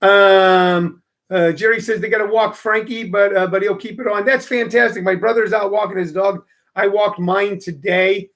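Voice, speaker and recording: An older man hosts a casual live stream, talking in a loose, rambling way full of fillers. His voice sits notably high for a man. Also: fairly even intonation, moderate pace, fairly bright tone. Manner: rambling, chatty, many fillers. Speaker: host of a live-streamed show.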